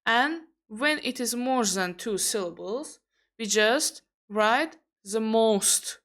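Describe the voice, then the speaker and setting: A young woman from Azerbaijan teaches English grammar in an online lesson. She talks at an unhurried, measured pace. She pauses often and corrects herself as she explains. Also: on the high side, expressive, a bit bright.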